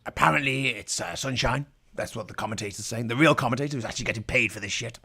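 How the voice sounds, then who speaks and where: A man's voice: mid-range voice, quick pace, gravelly, sharp tone, breathy edge. A man giving irreverent live commentary in a mock pirate voice, dropping growling asides between jokes. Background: faint music from the broadcast feed.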